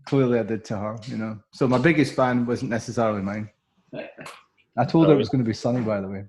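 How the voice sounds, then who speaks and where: A man's voice: medium pitch, fast talker, darkish tone, slight background noise. A middle-aged Scottish man, a sports TV presenter guesting on a podcast, telling humorous stories with many ums and restarts. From Scotland. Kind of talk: casual anecdotal storytelling.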